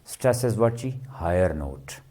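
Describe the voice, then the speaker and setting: A man giving a classroom lecture, often asking his students "clear?" and answering his own questions. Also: on the low side, animated, unhurried, dark tone. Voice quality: repetitive, question-and-answer teaching style. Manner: checks understanding with frequent "clear?" and "ji".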